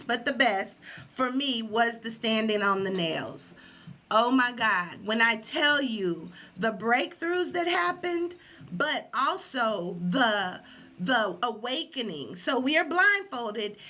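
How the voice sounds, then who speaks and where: A woman podcast host telling a story in a casual live stream, animated and acting out quotes. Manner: animated, acts out quotes with high yelps.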